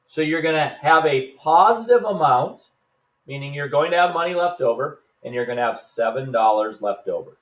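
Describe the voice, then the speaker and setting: A man with a slightly raised pitch teaches a recorded math lesson. He sounds casual and upbeat and talks to his students as if they were in the room.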